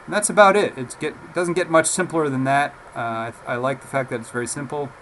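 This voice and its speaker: A man giving a casual, relaxed software demonstration, talking haltingly with frequent fillers. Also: medium pitch, very noisy. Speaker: software reviewer. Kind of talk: casual screen-recorded software demo.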